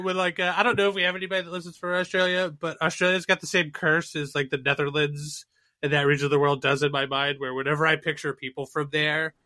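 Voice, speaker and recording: A man in his thirties co-hosts a casual podcast chat. His voice is bright and forceful, pitched a little high. He rambles, jokes, and breaks into laughter often. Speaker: podcast co-host.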